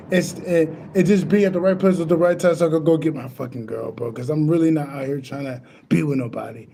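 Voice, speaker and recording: A man talking in a rambling, excitable monologue as a spiritual vlogger, swearing freely and often laughing. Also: a little high, a little hiss or hum. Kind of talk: casual monologue.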